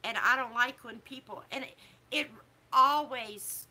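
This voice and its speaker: Middle-aged woman vlogger, slightly high voice, preachy and disapproving. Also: pushed and bright. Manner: disapproving, preachy, drawn-out emphatic phrasing. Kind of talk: casual opinion talk to camera.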